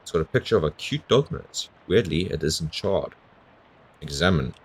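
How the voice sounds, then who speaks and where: Very deep-voiced man playing a game. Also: animated, normal speed, breathy edge. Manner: reads game text aloud, bemused asides. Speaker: gamer. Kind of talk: let's play commentary.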